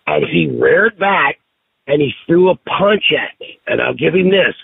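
Gravelly, very husky man telling stories. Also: fairly high pitch, unhurried, no room sound. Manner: profane, animated storyteller. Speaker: podcast guest. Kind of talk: casual storytelling chat. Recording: tinny phone-line sound.

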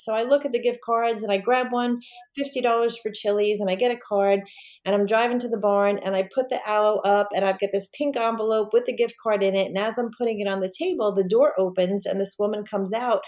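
As a podcast guest, a woman with a slightly high, somewhat quick voice relates a personal story in lively fashion, performing the voices of each person she quotes.

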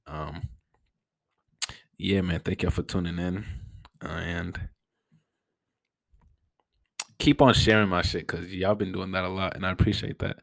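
Young male podcast host, deep gravelly voice, relaxed rambling slang with a stutter, dry close sound. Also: moderate pace, long pauses, no echo. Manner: laid-back, slangy, rambling with fillers. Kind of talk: casual solo podcast talk.

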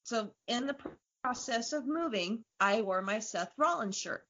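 A woman co-hosting a podcast, casually chatting and telling animated stories with frequent swearing. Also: on the high side, a little slow, a little hiss or hum. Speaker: podcast co-host. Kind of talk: casual chat. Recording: dull lo-fi audio.

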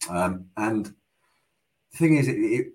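A man's voice: on the low side, expressive, slow pace. A man co-hosting a casual football podcast, talking animatedly and tripping over repeated words. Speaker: podcast co-host.

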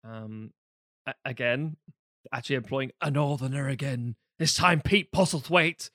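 A man co-hosting a film podcast in casual chat, reading out a synopsis with quick asides and casual swearing. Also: mid-range voice, pushed and bright, no echo, clean studio sound. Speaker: podcast co-host.

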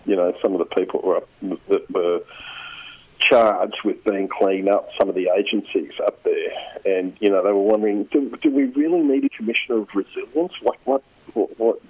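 A man with a somewhat low, husky voice talks as a regular radio commentator. He rambles and halts, restarting his sentences often. The sound comes down a dull, lo-fi phone line. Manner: rambling, halting, many restarts. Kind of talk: casual radio chat.

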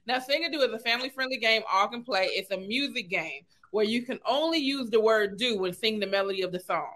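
A woman hosting a game segment, announcing each round in a brisk, upbeat way. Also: a little high, a bit bright. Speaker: host.

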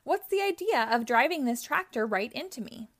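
A woman's voice: sits high, expressive, normal speed. A woman voicing a brash, scornful villain man who snaps and sneers in a read-aloud storybook. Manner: sneering, snapping, loud.

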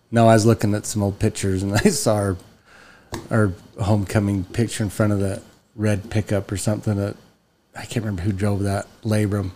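A man co-hosting a casual podcast chat, telling stories and jumping into high voices when he quotes people. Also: steady tone, normal speed, warm tone, a little hiss or hum. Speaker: podcast co-host.

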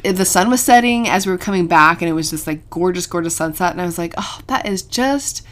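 A chatty mother co-hosting a parenting podcast, telling a story with plenty of laughter and casual fillers. Her voice sits lower than most women's. She talks in an easy, animated, conversational way. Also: fast talker. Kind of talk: casual chat.

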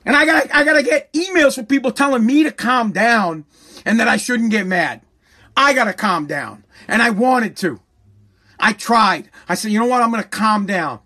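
A political commentator rants with heavy profanity and sarcasm, veering between loud mockery and a mock-calm hush. The voice is mid-range and the pace moderate.

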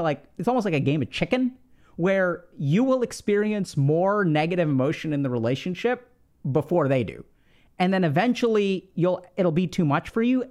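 Man, podcast host, casual explaining, conversational fillers, somewhat high-pitched. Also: a little mellow. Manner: conversational, many "like" fillers and "right?" check-ins. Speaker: podcast host giving relationship advice.

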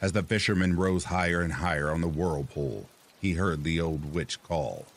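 A man narrating a folk tale in a measured, expressive reading. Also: sits low. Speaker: storyteller. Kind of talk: scripted storybook narration.

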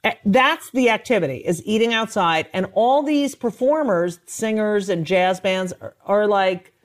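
A woman in conversation who rants with heavy profanity and jumps into sudden animated outbursts. Her pitch sits in a middle range for a woman. She is a comedian, talking casually. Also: measured pace. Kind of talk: casual chat.

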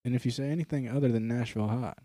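A man's voice: medium pitch, very fast, warm tone, no echo. Slangy young man joking on a podcast. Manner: joking, crude, slangy, says dog and dude. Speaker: podcast co-host. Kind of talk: casual comedy podcast banter.

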